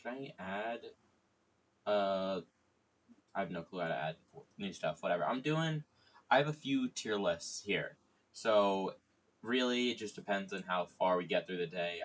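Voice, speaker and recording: A man's voice: low voice, a bit bright. A young man chatting casually on a stream, joking and swearing, rambling with lots of fillers. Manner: joking, irreverent, swears freely.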